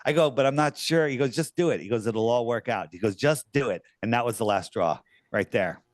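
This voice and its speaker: A man telling an animated story as an interview guest, acting out quoted voices and swearing casually. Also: mid-range voice, brisk, dry recording, studio quality.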